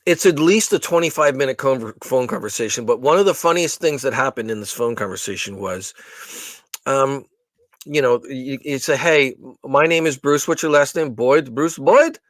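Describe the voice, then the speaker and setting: A man's voice: medium pitch, normal speed, dry recording. A man co-hosting a podcast in casual chat. He tells stories animatedly, acting out the voices he quotes, with frequent restarts. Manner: animated storyteller who acts out quoted voices, many restarts. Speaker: podcast co-host.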